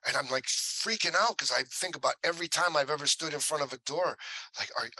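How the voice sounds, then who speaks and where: A man's voice: a little high, a little fast, no echo, poor audio. An older male actor as interview guest, telling anecdotes casually and acting out the lines of people in them. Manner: animated anecdote teller, acts out quoted lines.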